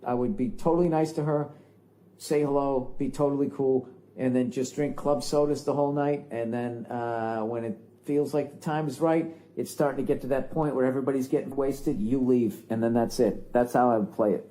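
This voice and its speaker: A man's voice: medium pitch, fairly even intonation, moderate pace, dark tone. A man giving blunt, profane advice in a casual podcast chat. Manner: blunt, profane, matter-of-fact.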